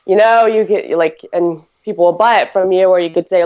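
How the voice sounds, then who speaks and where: A woman's voice: medium pitch, fast, hardly any pauses, a little mellow. Giggly rambling woman podcast host. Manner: giggly, rambling, lots of fillers. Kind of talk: casual chat. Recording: slightly dull lo-fi audio.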